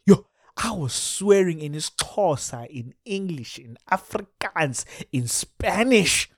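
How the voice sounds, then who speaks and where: A man with a South African accent telling a comic story in an animated way, dropping in Xhosa exclamations. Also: fairly high pitch, takes it slowly, dry recording, clean studio sound.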